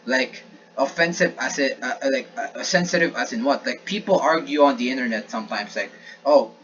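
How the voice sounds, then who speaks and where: A man's voice: mid-range voice, brisk, fairly bright tone. A young man in casual, rambling talk, hesitant and full of restarts, recorded on an improvised homemade mic. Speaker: amateur video maker. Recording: dull lo-fi sound with faint noise.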